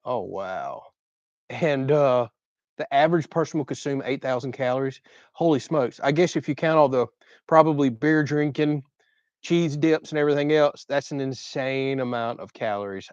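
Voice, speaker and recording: A man with a deep Southern Florida drawl, casually reading and answering viewers' questions on a livestream. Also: normal speed, no echo, dull audio. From Southern United States. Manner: relaxed, reads viewer questions aloud and chats. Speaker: co-host of a channel livestream.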